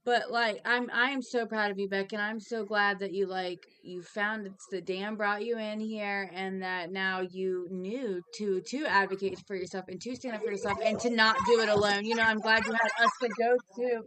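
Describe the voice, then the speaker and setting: A woman co-hosting a recovery group, reading viewer comments aloud and encouraging a member warmly. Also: medium pitch, steady tone, moderate pace, hardly any pauses, clear, resonant tone, no echo. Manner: warm, encouraging, with fillers. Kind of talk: supportive remarks.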